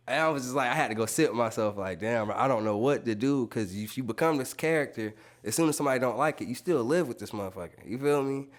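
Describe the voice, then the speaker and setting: A man's voice: mid-range voice, animated, quick pace, few pauses. A man, a tattoo artist, telling stories on a podcast in loose, slangy speech full of swearing, acting out quotes with sudden jumps in his voice. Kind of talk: casual podcast storytelling.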